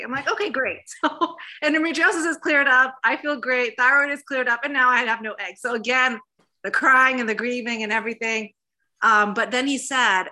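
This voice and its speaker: A woman in her thirties, a therapist, telling a personal story in an interview, animated and acting out what others said. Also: medium pitch. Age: 30s. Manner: animated, acts out quoted voices.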